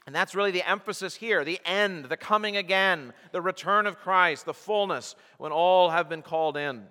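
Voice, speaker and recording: A man preaches an expository sermon in a high, bright voice. He is earnest and emphatic and often restarts his phrases as he explains the text. His voice rings out in a large church hall with long reverb. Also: moderate pace. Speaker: pastor.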